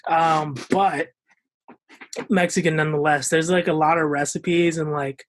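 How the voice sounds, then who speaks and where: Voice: medium pitch, steady tone, measured pace, dry recording. A podcast co-host chatting casually, laid-back and joking with fillers. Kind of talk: casual chat.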